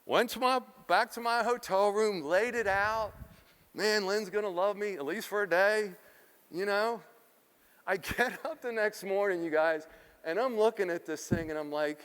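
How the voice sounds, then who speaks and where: A middle-aged man from South Philadelphia delivers a keynote with lively, profane storytelling. His voice sits a little high and comes through clean and smooth. A long hall reverb trails behind him in the large venue. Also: moderate pace. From South Philadelphia, USA. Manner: animated, profane, acts out quotes. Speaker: keynote speaker.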